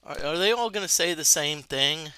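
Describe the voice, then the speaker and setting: Guy streaming a game, high bright voice, dry close mic. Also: moderate pace, smooth. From United States. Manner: talkative, restarts, reads game text aloud. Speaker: streamer playing a video game. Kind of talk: casual game commentary.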